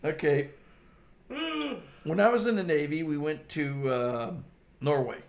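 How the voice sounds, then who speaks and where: Lively, gravelly man telling stories. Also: on the high side, a little slow. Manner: laughs often at his own stories. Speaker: storyteller host. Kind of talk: casual storytelling.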